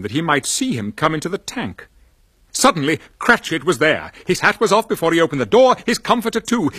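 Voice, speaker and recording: A man reading a story aloud with expressive, sweeping delivery. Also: fairly high pitch, no room sound, studio quality.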